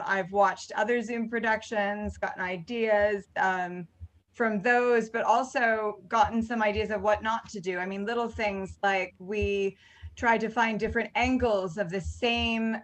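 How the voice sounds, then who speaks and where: A woman's voice: mid-range voice, a bit bright, rough recording. A woman directing a theater group, hosting a casual question-and-answer session over a video call, talking with many ums and restarts. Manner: chatty, frequent ums and restarts.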